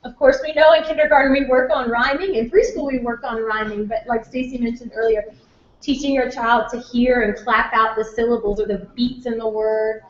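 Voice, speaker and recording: Female teacher, parent workshop, chatty and rambling; dull echoey room sound. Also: fairly high pitch. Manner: chatty, with many fillers and restarts. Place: school room or hall.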